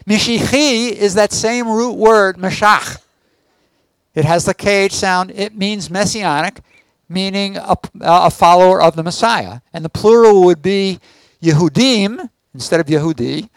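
A Messianic teacher with a high male voice delivers a teaching sermon to a congregation, frequently pausing to check whether his listeners are following along. There is no room sound.

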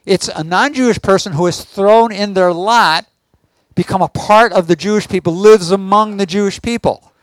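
A man's voice: sits high, normal speed, dry recording. A man giving a teaching sermon to a congregation, often stopping to ask the listeners whether they follow. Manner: asks the audience check questions. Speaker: Messianic teacher.

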